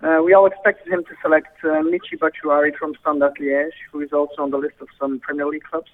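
A Belgian man calls in to give his view on football, in a measured, hesitant way with many fillers. His voice sits a little high and comes through a thin, tinny phone line. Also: little pitch movement. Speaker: guest football pundit. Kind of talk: phone-in interview.

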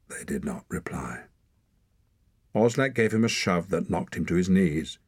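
A male narrator reading a story aloud, deep and husky, with a lively, expressive rise and fall. The sound is close and dry, with no room to speak of. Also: a little slow, no echo. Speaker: audiobook narrator. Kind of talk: scripted narration.

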